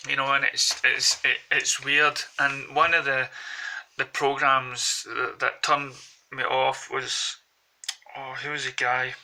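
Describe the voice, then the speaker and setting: A man's voice: mid-range voice, level tone, slow, sharp tone, rough recording. A man with a Glaswegian accent, vlogging in a rambling, hesitant monologue into a phone held close.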